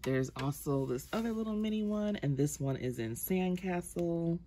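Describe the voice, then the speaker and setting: A woman's voice: on the low side, expressive, moderate pace, noisy background. A woman vlogger chatting casually through her makeup collection, rambling with ums and self-corrections. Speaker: beauty vlogger.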